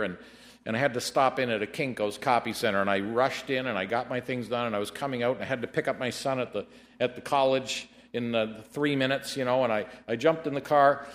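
A middle-aged man preaching a sermon, telling a personal story with animated delivery and slowing down to read scripture. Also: medium pitch.

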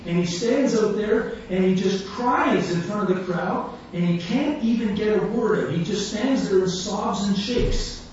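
A man's voice: high-pitched, a little slow, darkish tone. A man preaching a sermon, telling a story with animation and acting out the voices of the people in it. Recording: echoey hall, distant mic, dull sound, faint room hum.

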